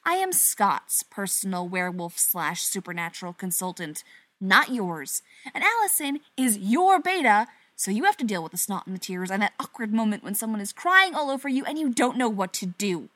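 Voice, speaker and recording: A woman reading the part of an awkward, sarcastic young woman who babbles rapidly when flustered. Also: medium pitch, big pitch swings, fairly bright tone, no room sound. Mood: indignant.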